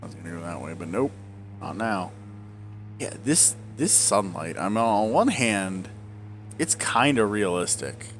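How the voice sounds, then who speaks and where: A man in his forties with a lowish, animated voice talks a little slowly and casually over gameplay, with soft music behind him. A gameplay video creator, he rambles off into tangents, hiccuping and speaking around a swollen tongue.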